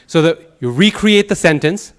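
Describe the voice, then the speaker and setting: A man teaching a Sanskrit class at a temple, telling anecdotes in an animated way with chuckles and restarts. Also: fairly high pitch, moderate pace. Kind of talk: lecture with anecdotes.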